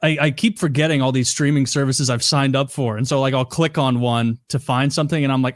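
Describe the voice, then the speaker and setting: Laughing, animated young podcast host. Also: male voice, mid-range voice, a little fast, no echo, clean studio sound. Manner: animated, laughing storyteller who mimics voices. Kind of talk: casual podcast chat.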